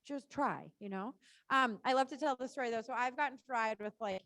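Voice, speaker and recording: A woman's voice: on the high side, brisk, fairly bright tone, no echo. A woman riding instructor coaching a rider through a live lesson, chatty and encouraging, often saying "right?" and "good".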